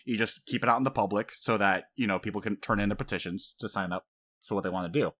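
A man's voice: lowish voice, fast talker. A man casually recapping an anime plot, telling it animatedly with many fillers. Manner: animated storytelling, frequent fillers.

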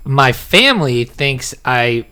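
Bright-voiced man, wry co-host. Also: mid-range voice, very animated, takes it slowly, soft background music. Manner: wry, laughs through answers. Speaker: podcast co-host. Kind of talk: casual chat.

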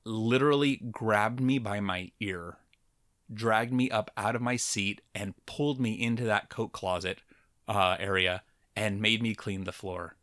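Bright-voiced man telling a story. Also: on the low side, fairly even intonation, a little slow, dry recording, studio quality. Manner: rambling storyteller with fillers and restarts. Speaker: podcast co-host. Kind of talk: casual chat, storytelling.

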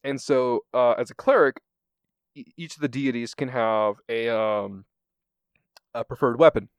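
A man casually telling a tabletop game story in an animated way, acting out the quotes and laughing often. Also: mid-range voice, a little slow, clear, resonant tone, no room sound, studio quality.

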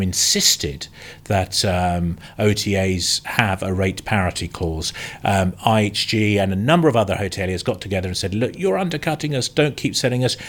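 A man with a lowish voice from the UK, talking through his views on a podcast panel. He is opinionated and halting, with frequent restarts and fillers. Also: fairly bright tone. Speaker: industry analyst on a podcast panel. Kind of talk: casual panel discussion.

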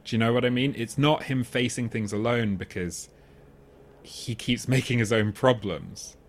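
A man of medium pitch speaks at a normal speed as co-host of a film podcast, chatting casually. He rambles and restarts, laughs often mid-sentence, and throws in "do you know what I mean." There's slight background noise.

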